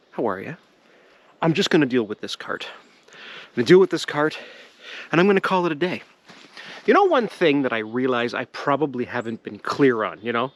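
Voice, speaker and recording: Jokey middle-aged man, lively pitch, casual woods vlogger. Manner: jokey, rambling, laughs often. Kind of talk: casual outdoor vlog. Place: snowy woods outdoors.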